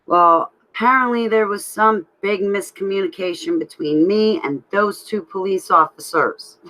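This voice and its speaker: A woman telling a personal story in a halting, rambling way, with restarts. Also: medium pitch, bright, forceful tone, low-quality recording. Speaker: vlogger telling her own story.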